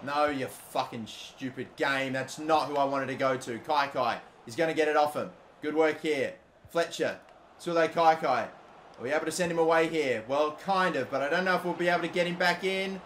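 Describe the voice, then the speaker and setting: A young man giving live video game commentary, excitable and foul-mouthed, swinging between loud outbursts and low grumbling. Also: moderate pace, slight background noise. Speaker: gaming YouTuber.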